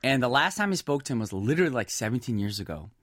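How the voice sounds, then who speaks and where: Brief: New Jersey man, podcast co-host, animated storyteller with a very expressive pitch, dry close sound. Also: rapid-fire, dry recording. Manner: animated storyteller, acts out quotes. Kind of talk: casual chat.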